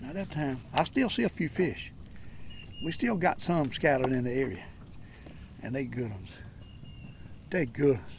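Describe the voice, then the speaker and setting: An older man with a Southern US accent giving excited, folksy commentary while fishing from a boat. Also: medium pitch, a little slow, pauses often, a little hiss or hum. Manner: excitable, folksy, talks to himself and viewers. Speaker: fishing vlogger. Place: outdoors on a boat on a lake.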